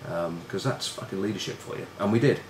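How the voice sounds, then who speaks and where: Casual storytelling from a middle-aged man who used to play rugby: his voice sits a bit low, his pace is quick, and his rambling is full of swearing, fillers and self-deprecating humor. Roomy echo and faint hiss color the recording.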